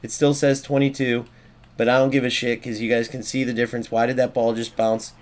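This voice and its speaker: A man's voice: medium pitch, fairly quick. A young man streaming a football video game, commenting live, swearing and ranting about glitches. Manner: excitable, swears, rants at the game. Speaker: gaming streamer.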